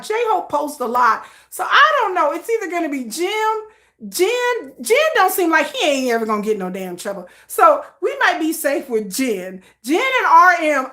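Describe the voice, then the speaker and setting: A woman's voice: high voice, pushed and bright. A woman vlogger chatting casually to her viewers in a playful, joking way, laughing often. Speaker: K-pop news vlogger. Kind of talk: casual chat to camera.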